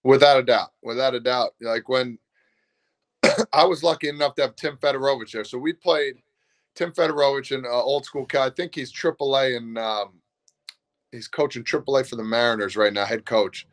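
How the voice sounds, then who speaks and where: A man in his thirties, a former ballplayer, telling lively stories in a casual interview and acting out what he said to teammates. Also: medium pitch, normal speed. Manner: animated, acts out pep talks. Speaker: former baseball player, guest.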